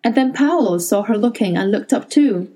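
A woman narrates a novel aloud at an even, measured pace. Her voice is warm and mellow, and it sits at a middle pitch. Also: low-quality recording. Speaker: audiobook narrator.

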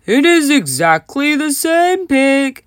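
A woman doing a formal, lively police officer. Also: high voice, slow pace, no room sound, studio quality, voice pushed up, exaggerated voice. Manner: formal, questioning himself aloud. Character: polite, formal male police officer, adult.

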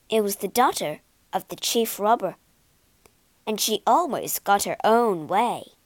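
Unhurried woman reading a storybook. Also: medium pitch, expressive, dry recording. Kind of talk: storybook read-aloud.

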